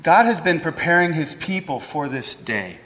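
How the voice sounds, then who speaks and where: A man's voice: fairly high pitch, big pitch swings, moderate pace, fairly bright tone, slight background noise. Preacher man in a reverberant hall. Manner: earnest, conversational with asides and humor. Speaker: pastor. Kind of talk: sermon.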